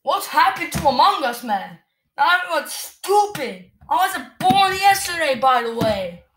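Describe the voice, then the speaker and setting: A woman gamer giving angry, cursing commentary while she plays, ranting and shouting at other players. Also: high-pitched, sing-song, measured pace, slight background noise.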